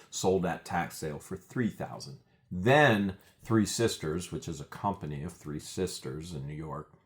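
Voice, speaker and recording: A man with a very deep, low voice co-hosts a casual talk show. He talks emphatically and with indignation, leaning on key words as he lays out his points. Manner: emphatic, indignant, quotes testimony. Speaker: podcast co-host. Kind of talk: casual commentary on a court case.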